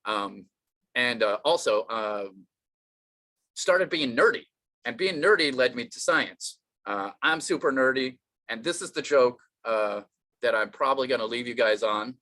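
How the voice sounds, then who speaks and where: A man's voice: mid-range voice, expressive, measured pace, bright, forceful tone. A man doing an online stand-up comedy set, rambling and self-deprecating, with many fillers and restarts.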